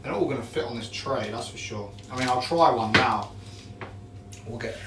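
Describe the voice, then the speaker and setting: A man chatting casually on a live stream while he bakes in his kitchen, excitable and repeating his catchphrases. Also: medium pitch, moderate pace, recorded from a distance, background noise. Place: home kitchen. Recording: roomy echo, away from the mic.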